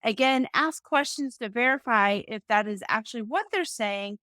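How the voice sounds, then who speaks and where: A middle-aged woman coaching listeners in a calm, even way, her voice sitting a little high. The sound is dry and close, with no room around it. She tells a personal story with small restarts. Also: normal speed, no echo. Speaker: self-help coach. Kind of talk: advice talk with a personal story.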